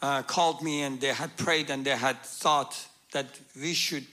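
A man's voice: mid-range voice, fairly even intonation, unhurried, bright, forceful tone. A man telling his testimony. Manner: humorous, laughs while telling stories. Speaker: guest speaker. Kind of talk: storytelling testimony.

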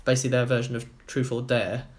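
A man's voice: medium pitch, level tone, quick pace, slight background noise. Young male podcaster, rambling, casual, mid-range voice. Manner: rambling, leans on "basically" and fillers. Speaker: podcast co-host. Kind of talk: casual chat.

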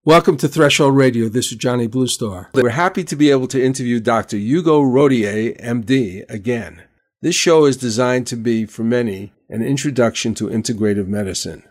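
An older man hosting a radio show, telling a personal story in measured, earnest narration. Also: medium pitch. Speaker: radio host.

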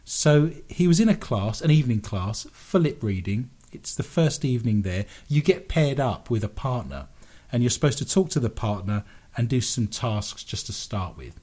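A man's voice: mid-range voice, big pitch swings, normal speed, warm tone, husky. A man hosting a radio show, telling odd stories with wry, jokey asides. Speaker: radio host. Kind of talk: comic storytelling on radio.

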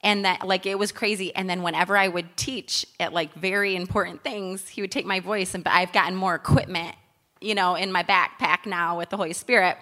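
A woman in her thirties, lively and earnest, giving a chatty testimony and prayer at a church women's gathering. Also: on the low side, fairly quick. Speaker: women's ministry speaker.

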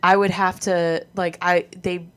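A woman in her thirties talks casually as a podcast co-host. Her voice sits a little low, and she rambles, trails off and laughs easily. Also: little pitch movement, measured pace, fairly bright tone. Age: 30s. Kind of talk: casual chat.

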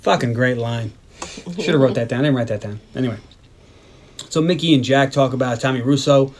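A man's voice: mid-range voice, fairly quick, a little hiss or hum. A man co-hosting a movie podcast, casually retelling the plot in a rambling way, swearing and acting out lines from the scenes. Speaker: podcast co-host.

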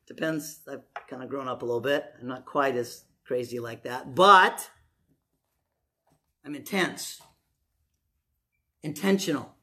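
A male pastor preaching a sermon to a congregation in church, emphatic, moving from hushed to loud. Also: medium pitch, measured pace, pauses often.

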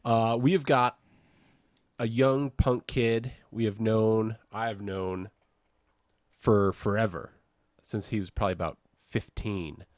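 Aussie male co-host, joking storyteller, lowish voice, dry sound. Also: steady tone, slow, no room sound. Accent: Australian. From Australia. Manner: jokey, laid-back storyteller. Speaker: podcast co-host. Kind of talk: casual podcast chat.

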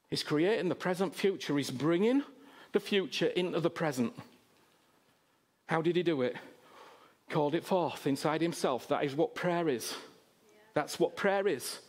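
A male preacher with a high-pitched voice delivers a sermon. He swings between loud, fervent exhortation and soft, intimate asides to the congregation.

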